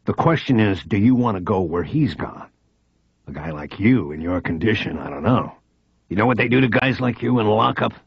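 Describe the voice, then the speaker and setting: A man's voice: on the low side, animated, moderate pace, gravelly, slightly rough, no room sound, dull audio, heavily acted. A man voicing a bullying federal agent who threatens in a sneering way. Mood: menacing.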